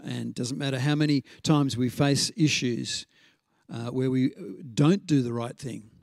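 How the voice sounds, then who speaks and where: A man's voice: mid-range voice, steady tone, vocal fry, darkish tone, no echo. Preacher, male, mid-range voice, chatty sermon delivery with fillers and restarts, close dry sound. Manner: conversational storytelling with frequent fillers and restarts; slows down to stress scripture references.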